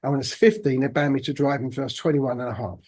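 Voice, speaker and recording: A man, a podcast guest telling his own story in a halting, reflective way. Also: mid-range voice, darkish tone, slightly rough. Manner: halting, reflective, many restarts. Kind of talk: personal storytelling interview.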